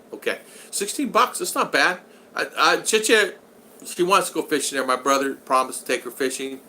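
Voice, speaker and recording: Bright-voiced man hosting a live chat. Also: mid-range voice, a little hiss or hum. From United States. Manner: chatty, greets viewers by name, reads chat aloud. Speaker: vlogger hosting a live stream. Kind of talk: casual live-chat talk.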